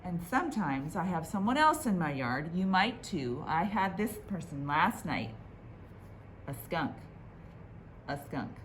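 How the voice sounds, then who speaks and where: A woman librarian reading picture books aloud at a children's storytime, in an expressive, sing-song manner. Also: on the low side, moderate pace, few pauses, a little hiss or hum.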